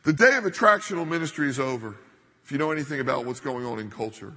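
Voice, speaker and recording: Brief: middle-aged male pastor, emphatic sermon delivery, slightly husky, long church reverb. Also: medium pitch, lively intonation, quick pace, bright, forceful tone. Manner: emphatic, building to stressed points.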